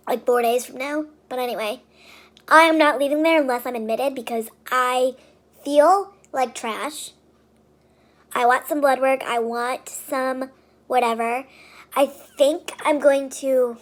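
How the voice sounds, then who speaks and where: A young woman vlogging casually, venting with frustration and many fillers. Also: high-pitched. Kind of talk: casual vlog monologue.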